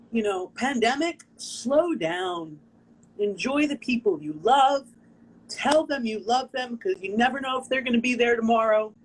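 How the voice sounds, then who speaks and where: An American woman, a performance artist, telling a personal story on a video call interview in an expressive, earnest way, acting out the people she quotes. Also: a little high, slight background noise, low-quality recording. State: tearful.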